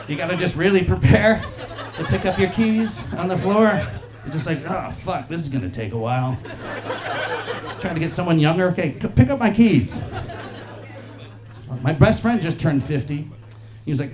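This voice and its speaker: A man in his forties performing a stand-up comedy set on a club stage into a handheld mic, profane and animated, often acting out other people's voices. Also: high voice, moderate pace. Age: 40s. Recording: live club set with crowd laughter. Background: audience laughing.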